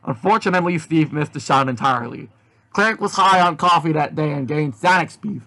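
A man reading a fan story aloud, animated in his delivery. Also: fairly high pitch, a little fast. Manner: animated, with shouted outbursts. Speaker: reader.

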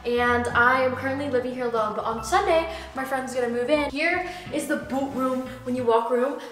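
A teenage woman, chatting excitedly and casually on a house-tour vlog, with lots of "like" as she walks around. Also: high-pitched, moderate pace. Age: teens. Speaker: vlogger. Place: large empty house, indoors. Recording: echoey empty rooms, background noise.

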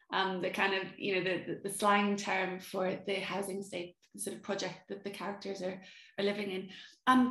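A woman interviewer at a literary event, admiring and chatty, asking questions with many fillers. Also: mid-range voice. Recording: roomy echo.

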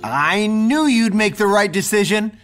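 A woman's voice: mid-range voice, animated, unhurried, heavy background noise, lightly acted. A woman voicing a loyal, earnest teen friend who speaks emphatically.

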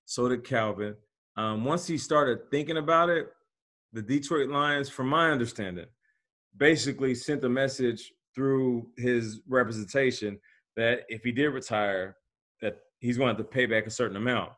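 A man in his forties and a former pro athlete, telling stories as a podcast guest in a slangy, animated way. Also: medium pitch, moderate pace. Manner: lively, slangy, acts out quotes, laughs while telling stories. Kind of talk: animated storytelling in casual conversation.

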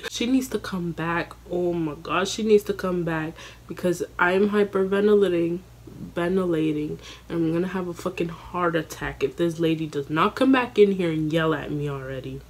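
A young woman vlogger telling a story in a casual, animated, profane way, acting out her own panicked lines. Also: on the low side, normal speed. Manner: animated, profane, dramatic self-quoting.

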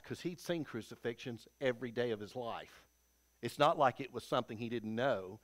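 A man's voice: medium pitch, normal speed, a bit bright. A Texan man preaching a sermon in a church, folksy and storytelling, with a homespun ease. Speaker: pastor. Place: church sanctuary.

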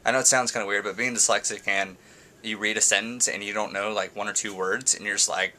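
A man's voice: on the low side, steady tone, fast, sharp tone, a little hiss or hum. A young man chatting casually in a home video blog, rambling with restarts and little laughs. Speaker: vlogger. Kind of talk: casual vlog chat.

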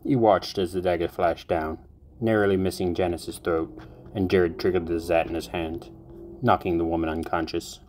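A man narrating a fan fiction audiobook in a steady, even storytelling manner. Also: deep voice, moderate pace, faint music behind.

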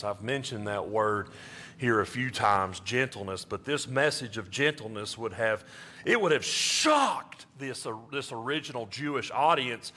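Pastor giving an animated sermon, bright, forceful male voice. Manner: animated, jumps high in pitch for emphasis.

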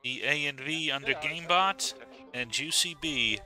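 A man's voice: a little high, moderate pace, over music, low-quality recording. A man streaming a game, giving casual commentary and reading out units with joking asides. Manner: relaxed, joking asides while listing units.

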